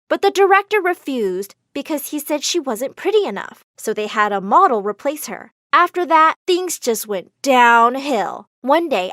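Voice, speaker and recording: A woman narrating a first-person animated story in a dramatic, emotional way. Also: sits high, dry recording, studio quality.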